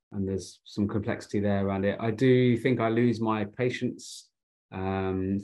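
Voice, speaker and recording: A man with a fairly low voice hosts an online Q&A, reading out audience questions calmly. He speaks in a reflective, slightly hesitant way over a video call. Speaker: host, event moderator. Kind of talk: moderating a Q&A.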